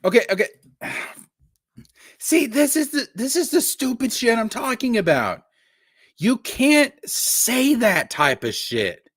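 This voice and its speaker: Man streamer commentating live, frustrated, swears a lot, animated pitch, dry close sound. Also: slow, slightly rough, no room sound. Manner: exasperated, profane, stumbling restarts.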